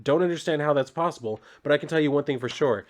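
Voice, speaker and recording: A man's voice: on the high side, fast talker, pitched above the performer's own voice, close to an everyday voice. A blunt, defiant young avenger ready for a fight, as a man reads him. The voice rises a little above the reader's usual. It stays a casual reading.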